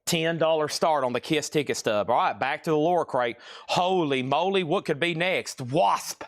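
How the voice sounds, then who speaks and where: A man runs a live-stream sale, moving briskly from item to item and reading out bids. His voice sits a little high for a man, and his patter stays chatty and playful. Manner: quick, playful sales patter, hums riffs and reads out bids. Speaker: auctioneer host of a live record sale.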